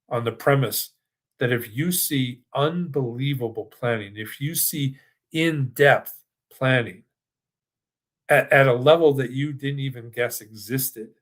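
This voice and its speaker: An older man, a financial advisor, hosting a webinar in a chatty, rambling style and answering audience questions. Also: mid-range voice. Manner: chatty, with frequent restarts and asides. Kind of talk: casual presentation with live Q&A.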